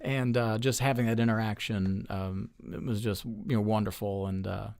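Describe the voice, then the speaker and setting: A man's voice: on the low side, fairly even intonation, normal speed, gravelly, a little mellow. A man in his forties, a lawmaker being interviewed, telling stories in a chatty, earnest way with lots of fillers and restarts. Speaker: state lawmaker as guest. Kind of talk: casual storytelling interview.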